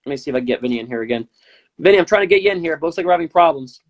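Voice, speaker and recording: Young male host in his twenties, rapid rambling monologue, slightly high voice, filler-heavy, dull lo-fi stream audio. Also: animated. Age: 20s. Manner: rambling, with many fillers and restarts. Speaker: political talk show host. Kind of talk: casual live-stream commentary.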